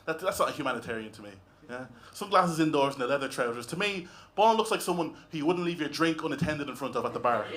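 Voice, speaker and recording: A man's voice: fairly high pitch, fairly bright tone. An Irish man doing a stand-up comedy set on a club stage, talking in a wry, conversational way with lots of tag questions. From Ireland.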